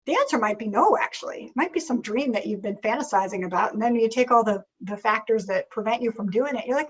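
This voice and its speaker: A woman leading a live group workshop as a leadership coach, talking in an animated way and acting out inner voices. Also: a little high, brisk, breathy edge, lo-fi sound.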